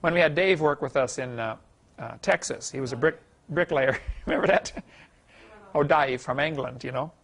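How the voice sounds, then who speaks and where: A man's voice: medium pitch, moderate pace, creaky, a bit bright. A middle-aged man giving a seminar lecture, folksy and chuckling at his own stories. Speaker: creation seminar speaker. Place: lecture hall.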